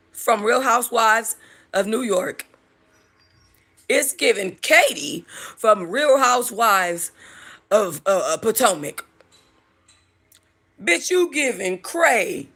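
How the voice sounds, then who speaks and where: A woman hosting casual gossip commentary about reality TV, chatty, animated and profane. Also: a little high. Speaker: host.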